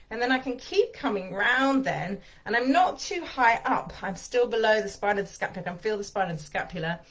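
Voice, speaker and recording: A woman's voice: medium pitch, a bit bright. A woman teaching a massage and yoga lesson, chatty and enthusiastic, slightly out of breath as she demonstrates. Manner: chatty, enthusiastic, thinking aloud with fillers.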